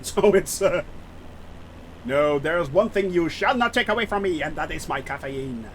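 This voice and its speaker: Over a faint hiss or hum, a fairly high-pitched man with lively intonation talks at a moderate pace while streaming a flight simulator. He rambles and giggles with his viewers, frequently breaking off into laughter.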